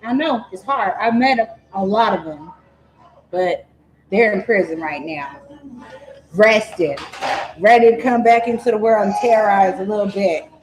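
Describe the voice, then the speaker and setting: A woman vlogger telling a true-crime story in a chatty, digressive way, full of animated asides. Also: medium pitch, a little slow, pauses often, roomy sound, noisy background.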